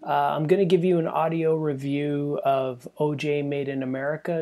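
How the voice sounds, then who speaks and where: A man's voice: fairly high pitch, flat delivery, moderate pace, few pauses, dark tone. A man hosting a podcast, talking in a rambling, digressive way and chuckling between thoughts. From Canada. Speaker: podcast host. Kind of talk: casual podcast monologue.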